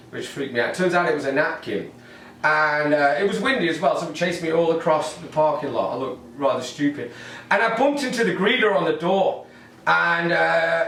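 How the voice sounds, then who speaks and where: A man's voice: on the high side, fairly bright tone, slight background noise. A middle-aged man with an English accent, doing a rambling, wry stand-up set in his living room to a camera. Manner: wry, rambling observational delivery. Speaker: stand-up comedian. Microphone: camera mic set far off. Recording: echoey room, distant mic.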